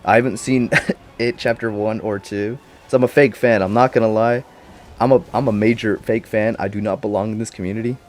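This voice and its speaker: A young man with a lowish voice rambles through a loose recap, loaded with slang and casual swearing. He jumps from point to point in an unscripted, chatty delivery. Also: fairly even intonation, fairly quick, a little mellow. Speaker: vlogger.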